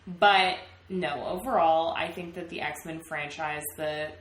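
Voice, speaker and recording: A woman's voice: low-pitched, steady tone, takes it slowly. A woman co-hosting a podcast, ranting emphatically in casual chat. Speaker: podcast co-host. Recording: echoey room with faint noise.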